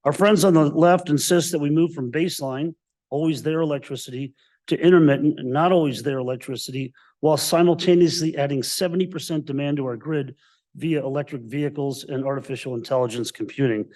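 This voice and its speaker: A man's voice: a little high, darkish tone. Male political candidate from the Western Slope, prepared public comment, emphatic and combative. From Colorado's Western Slope. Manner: combative, emphatic, repeated strong claims.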